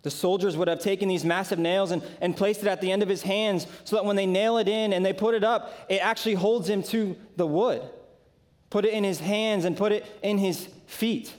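Emphatic, slightly high-voiced male preacher. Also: steady tone, a little mellow. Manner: dramatic, emphatic preaching with slow, deliberate phrases; retells scripture vividly and shares personal stories. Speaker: pastor. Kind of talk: sermon.

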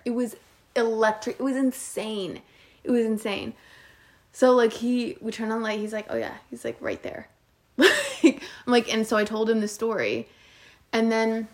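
A young woman co-hosting a podcast, telling an animated story in casual chat, filled with "like". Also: on the high side. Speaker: podcast co-host.

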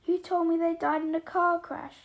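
A woman's voice: very high voice, level tone, moderate pace, creaky, pitched above the performer's own voice. A woman voicing a bewildered young boy wizard who asks urgent questions, in an audiobook reading.

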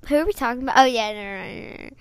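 A woman's voice: a little high, rapid-fire, clean tone, dry recording. A woman co-hosting a casual sports podcast, playful and giggly, a bit hesitant. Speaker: podcast co-host.

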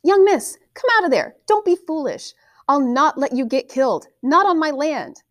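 A woman's voice: sits high, lively intonation, a little fast, darkish tone, pitched above the performer's own voice. A woman reading an audiobook, voicing a frightened bow-legged farmer who pleads and protests in raised, anxious tones. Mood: pleading.

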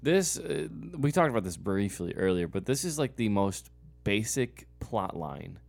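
A man's voice: lowish voice, very animated, a little slow, gravelly, a little mellow, faint music behind. A man co-hosting a casual movie review podcast, a playful contrarian who teases and mimics people. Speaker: podcast co-host.

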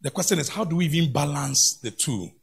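Male preacher, high lively voice with gravel, big swings from shouts to murmurs, church sermon. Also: brisk. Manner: animated, shifts from loud exclamations to low murmurs.

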